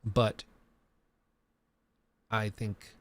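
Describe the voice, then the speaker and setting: A man's voice: lowish voice, monotone, extremely slow, fairly bright tone, no room sound. Streamer host, man in his thirties, casual rambling chat, faint Colorado accent, dry close mic. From US South. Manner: rambling, self-interrupting, reads chat aloud.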